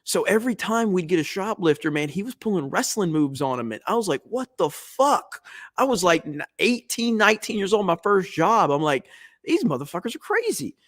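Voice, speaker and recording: A man in his forties spins long, loose stories on a podcast, swearing freely and laughing at his own punchlines. His speaking voice sits a little higher than most men's. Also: lively intonation, brisk, few pauses, a bit bright. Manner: profane, rambling storyteller with laughs. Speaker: podcast co-host. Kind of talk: casual chat.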